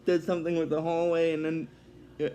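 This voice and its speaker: A man's voice: on the high side, completely flat delivery, a little fast, warm tone, slight background noise. A man casually recapping a cartoon episode, rambling and hesitant with many fillers, apologizing when he drifts.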